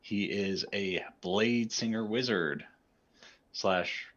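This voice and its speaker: A man player introduces his character on a tabletop game stream with dry, wry humor. His voice is deep and slow, and it comes through a dull, lo-fi mic. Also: fairly bright tone. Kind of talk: casual chat. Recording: dull lo-fi audio.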